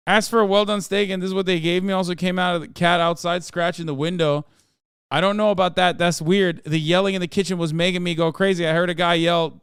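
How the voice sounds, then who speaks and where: A man hosting a livestream in casual chat, reading viewer posts aloud in an offhand, sarcastic way with loud outbursts. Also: high voice, steady tone, a little fast, clear, resonant tone, dry recording, clean studio sound. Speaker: livestream host.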